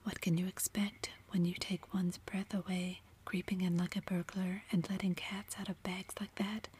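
A woman voicing a spirited, blunt young writer as a whispered role-play, in an even hush. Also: fairly low pitch, normal speed, slight background noise, close to an everyday voice. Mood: teasing. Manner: whispered, exclaiming.

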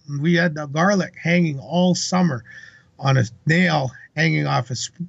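A man with a heavily gravelly, husky voice pitched a bit high tells a long campfire-style story in a loose, rambling, salty way. The sound is dry and close, but dull and lo-fi. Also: moderate pace, no room sound. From British Columbia, Canada. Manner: rambling, salty anecdotal retelling. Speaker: interview guest. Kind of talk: casual storytelling. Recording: dull lo-fi recording.

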